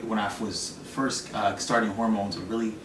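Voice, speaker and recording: Man, lowish voice, soft-spoken, relaxed storytelling, roomy echo, a bit off-mic. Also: normal speed, far from the mic, noisy background. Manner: soft-spoken, breaks into loud laughter. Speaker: interview guest.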